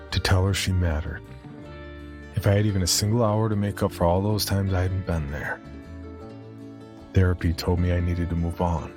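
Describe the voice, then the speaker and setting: A man's voice: low-pitched, lightly acted. A man voicing a haunted, grieving mother who hitchhikes, speaking in urgent, clipped commands in a horror podcast narration.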